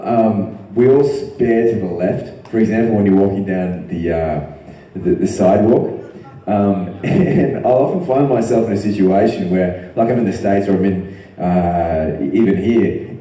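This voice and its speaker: A man's voice: lowish voice, normal speed, mellow. A man on a convention panel, rambling with hesitations through a story. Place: large hall, onstage. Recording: echoey hall from far off.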